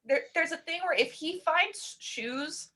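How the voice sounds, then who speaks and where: A woman co-hosting a casual horror-film chat, talking in a chatty, animated way and laughing often. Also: very high-pitched, takes it slowly, slight background noise. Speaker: podcast co-host.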